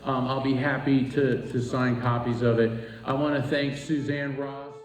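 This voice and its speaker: Faint music plays behind a Florida man from the East Coast as he speaks at a retreat, telling a live audience a personal story at a moderate pace in a mid-range voice. He's animated, performing the voices of the people involved, and the echoey room places him at a distance.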